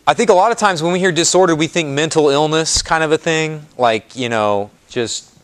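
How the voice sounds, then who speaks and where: A man's voice: fairly high pitch, brisk. Man teaching casually, often saying "okay". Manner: repeats phrases for emphasis, soothing "just calm down"; asks the audience questions and answers their replies. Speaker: Catholic priest. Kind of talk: parish presentation to a live audience.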